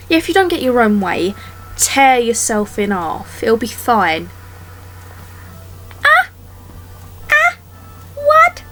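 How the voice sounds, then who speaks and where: A woman's voice: a little high, a little hiss or hum. Sweary sarcastic woman. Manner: exasperated, sweary, mocking. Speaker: vlogger. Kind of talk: sarcastic storytelling commentary.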